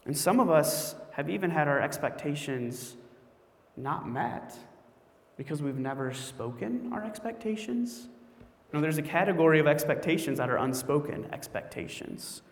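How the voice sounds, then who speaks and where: A man's voice: fairly high pitch, normal speed. Man preaching in an echoey hall. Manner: conversational, storytelling, animated asides. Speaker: pastor. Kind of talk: sermon. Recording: echoey hall with long reverb.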